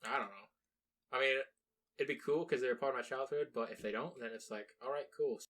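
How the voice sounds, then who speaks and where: A young man chatting on a podcast in a loose, rambling way, tripping over restarts and cursing freely. His voice is mid-pitched and notably bright. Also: fairly quick. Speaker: podcast co-host. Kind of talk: casual chat.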